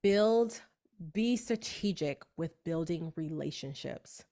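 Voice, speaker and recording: A woman tells stories as a podcast guest. She talks fast and with a lot of emphasis, and her voice sits on the low side for a woman. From New York. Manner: fast-talking, animated, emphatic storyteller. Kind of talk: storytelling interview.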